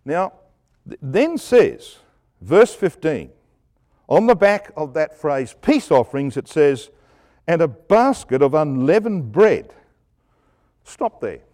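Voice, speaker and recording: A middle-aged man preaching a Bible exposition sermon, emphatic, asking rhetorical questions and swinging from loud stresses to hushed asides. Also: a little high, very animated, takes it slowly, long pauses.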